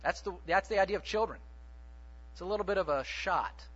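A man preaching a sermon in an animated, joking way, often putting questions to the congregation. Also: sits high, fairly quick, breathy edge, muffled recording.

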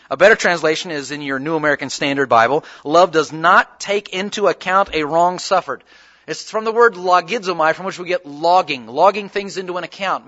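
A male pastor preaching to his church with a high, bright, forceful voice. He tells stories and acts out the dialogue as he goes. The recording is dull and lo-fi. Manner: animated storytelling, acting out dialogue. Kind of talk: sermon.

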